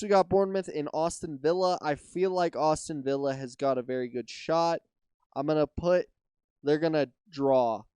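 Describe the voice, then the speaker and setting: Young American male podcaster, tired, loose and profane, smooth voice, dry close sound. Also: fairly high pitch, a little mellow, no echo. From United States. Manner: casual, swears often, trails off and restarts. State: tired, yawning. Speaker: podcast host. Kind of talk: casual solo podcast predictions.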